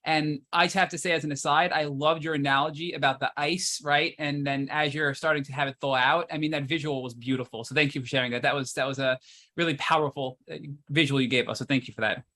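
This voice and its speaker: Male interviewer, fast and forceful, rambling questions with restarts. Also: a little high, fairly even intonation. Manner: rambling, effusive questions with self-corrections. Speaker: interview host.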